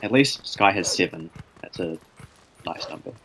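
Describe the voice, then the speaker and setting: Laid-back low-voiced male speedrun commentator. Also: animated, moderate pace, pushed and bright, slight background noise. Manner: laid-back, laughing, a little tired. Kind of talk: casual live commentary.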